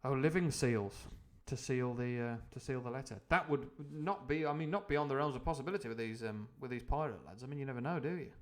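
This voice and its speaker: A man with a voice of ordinary, middling pitch reads a novel aloud to a live audience. He keeps breaking off for rambling, self-mocking tangents, padded out with ums and uhs, and then slips back into the text. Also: quick pace, hardly any pauses. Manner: rambling and jokey, full of tangents and fillers. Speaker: streamer reading a novel aloud. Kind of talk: live book reading with comic asides.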